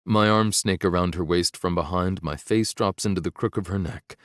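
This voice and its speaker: A man's voice: deep voice, normal speed, few pauses, dry recording, clean studio sound. A man narrating a romance audiobook in the first person, intense and brooding.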